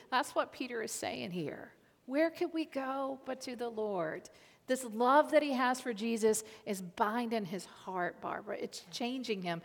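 A woman's voice: on the high side, measured pace, vocal fry. A woman preaching a sermon in an earnest manner, repeating key lines for emphasis. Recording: reverberant hall.

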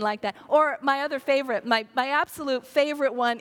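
A woman's voice: high voice, brisk, hardly any pauses. A middle-aged woman pastor giving an earnest sermon, telling stories and acting out quoted voices. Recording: long reverb of a large hall.

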